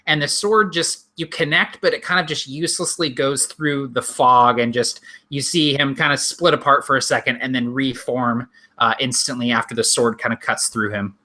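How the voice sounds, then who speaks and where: A young man runs a tabletop game in a bright, forward voice. He explains the rules briskly and narrates the action with frequent laughs. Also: medium pitch, steady tone. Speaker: game master.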